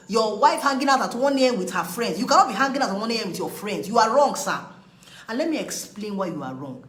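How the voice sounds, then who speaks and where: Emphatic woman lecturing, lively pitch. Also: echoey room, rough recording. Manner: emphatic, preachy, scolding. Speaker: relationship speaker. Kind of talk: live video talk on marriage.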